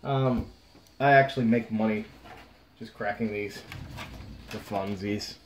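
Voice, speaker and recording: A young man casually talking through opening trading card packs on a vlog, frustrated, swinging between low muttering and sudden outbursts. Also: steady tone, a little slow, slight background noise. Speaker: card pack opener.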